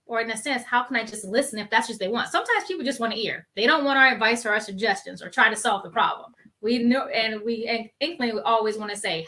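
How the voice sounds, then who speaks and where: A woman's voice: on the high side, fast talker, hardly any pauses, sharp tone. A woman co-hosting a talk show panel, giving earnest advice in casual chat. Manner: earnest, advice-giving, quotes herself in asides.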